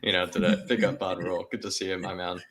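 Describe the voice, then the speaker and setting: A man co-hosting a fan show, bantering quickly in casual chat and filling his talk with "you know". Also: sits low, flat delivery, a bit bright. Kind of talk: casual live-stream chat.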